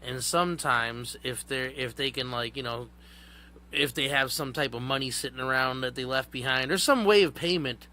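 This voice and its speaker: Bright-voiced man rambling casually. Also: medium pitch. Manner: rambling, profane, many fillers. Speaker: podcast host. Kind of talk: casual livestream talk.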